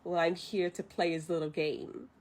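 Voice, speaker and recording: A woman voicing a cold, cruel male warlord villain, speaking slowly and threateningly in a husky voice. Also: flat delivery, a little mellow, close to an everyday voice. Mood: menacing. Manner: slow, low, threatening delivery.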